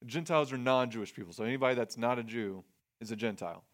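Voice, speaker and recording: A quick-talking pastor with a medium-pitched voice gives a sermon in a conversational style, reading passages of scripture aloud and explaining them simply while often backing up to restart his phrases.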